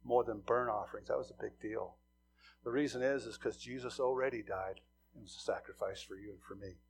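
A middle-aged man from Montana preaching a sermon, telling stories with swings from hushed asides to loud emphasis. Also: lowish voice, fairly even intonation, a little fast, slightly rough. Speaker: pastor.

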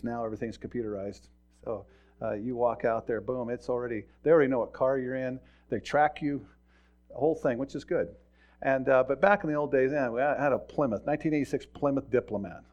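A man's voice: medium pitch, darkish tone, dull audio. A middle-aged man, a pastor, giving a folksy sermon full of stories, often repeating words and chuckling as he tells them. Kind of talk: sermon with storytelling.

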